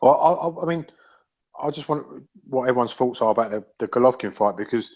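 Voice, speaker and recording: Fast-talking husky man. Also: medium pitch, darkish tone. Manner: rambling, swears freely, many restarts. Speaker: podcast panelist. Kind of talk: casual sports chat. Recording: dull lo-fi audio.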